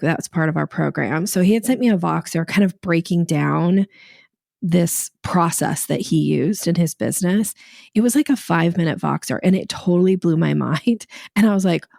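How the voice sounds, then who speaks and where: A woman's voice: lowish voice, moderate pace, creaky, dry recording, clean studio sound. A middle-aged woman, a podcast guest, tells a story in casual chat, laughing often and acting out what people said. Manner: animated storyteller, laughs often, acts out quoted dialogue.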